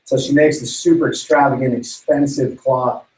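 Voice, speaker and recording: A man's voice: mid-range voice, fairly even intonation, moderate pace, darkish tone, roomy sound, recorded from a distance, poor audio. A man preaching to young people in a casual, slangy way, retelling a story and acting out its characters. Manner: slangy, playful, acts out characters' voices. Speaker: youth pastor.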